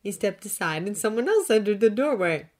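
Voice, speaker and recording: A woman reading a fanfiction audiobook, narrating in a steady, even storytelling manner. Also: medium pitch, fairly quick. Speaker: reader.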